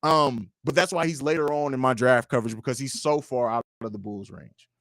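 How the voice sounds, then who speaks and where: A young man hosting a casual livestream, reading viewer comments aloud and answering them in a blunt, profane, animated way. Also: medium pitch, fairly quick, dry recording, studio quality. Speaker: livestream host.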